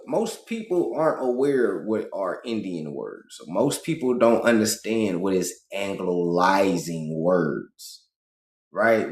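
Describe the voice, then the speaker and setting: Emphatic Southern man, roomy livestream. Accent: Southern US, Georgia. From Georgia, US. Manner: emphatic, profane, rising to excited high pitch. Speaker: livestream host. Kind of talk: impassioned livestream monologue. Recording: roomy echo.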